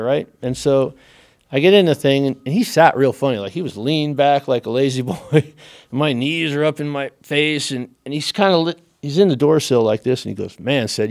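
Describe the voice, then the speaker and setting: A man's voice: a little high, a little fast. A man as a podcast guest telling a story in a casual way, acting out the dialogue he quotes and laughing often.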